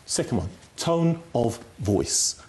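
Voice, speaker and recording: Male expert, instructive talk-show guest, emphatic, mid pitch. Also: sing-song, slow, darkish tone. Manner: instructive, emphatic, frequent "right?" tag questions. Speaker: communication skills guest expert.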